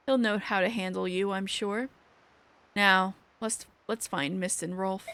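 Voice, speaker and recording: A woman's voice: medium pitch, fairly even intonation, a bit bright, pitched below the performer's own voice. A woman voicing a stern female deputy commander who scolds her soldiers in a game. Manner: scolding, measured.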